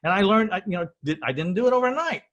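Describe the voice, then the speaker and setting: A man's voice: high voice, lively intonation, fast, fairly bright tone, muffled recording. A middle-aged man hosting an interview, telling his story in a rambling, earnest way and often repeating words. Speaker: podcast host.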